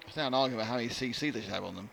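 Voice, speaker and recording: A man's voice: mid-range voice, very fast, gravelly, a bit bright. A man doing live race commentary, chatty and joking with his co-commentator. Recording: light background noise.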